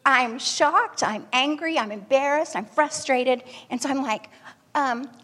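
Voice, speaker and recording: A woman with a fairly high, slightly husky voice tells a personal story to a gathered audience. She talks in an animated, lively way, and her voice rings with a long hall reverb. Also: unhurried. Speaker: speaker telling a personal story.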